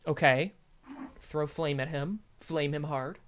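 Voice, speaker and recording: A man's voice: on the high side, slow, fairly bright tone, slight background noise. A man running a tabletop game as dungeon master, joking, laughing and swearing casually.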